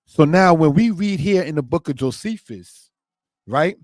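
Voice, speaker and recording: Guy teaching a torah lesson, keeps saying "if we will", reads passages then explains, kinda high voice. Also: expressive, unhurried, dry recording. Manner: repeats "brothers and sisters" and "if we will" often; reads quoted passages aloud, then comments. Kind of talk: scripture lesson.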